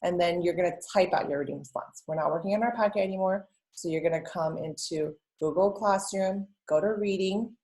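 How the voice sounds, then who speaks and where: A woman teaching a recorded lesson to elementary students, patiently explaining each step with frequent "um" and "okay" and reading examples aloud with clear pauses. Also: lowish voice, darkish tone, low-quality recording. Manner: patient, explains step by step, many ums and okays; reads example sentences aloud with exaggerated pauses. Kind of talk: recorded remote lesson walkthrough.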